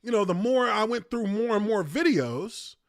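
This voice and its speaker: A man's voice: sits high, moderate pace, no room sound, clean studio sound. A man hosting a podcast, telling a story in casual chat with lots of swearing. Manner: profane, animated storytelling. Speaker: podcast host.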